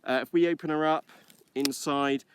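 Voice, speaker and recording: A man's voice: a little high, fairly even intonation, moderate pace, a little hiss or hum. A British man hosting a live stream from a field, chatting casually and rambling cheekily with many uhs, recorded on an iPad. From United Kingdom. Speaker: livestream host flying model aircraft. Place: outdoors in a field.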